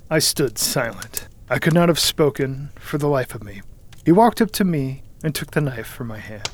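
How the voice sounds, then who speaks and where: A man reading a first-person story aloud in a measured, dramatic manner, sometimes sinking to a hushed whisper. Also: medium pitch, expressive, a little hiss or hum. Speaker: audiobook narrator. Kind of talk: scripted first-person narration.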